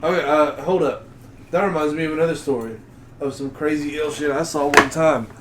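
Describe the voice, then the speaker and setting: A man's voice: on the high side, fairly quick, heavy background noise. A man co-hosting a casual podcast, cracking jokes and starting a story in a laid-back way. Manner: laid-back, joking interjections. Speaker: podcast co-host. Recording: echoey room.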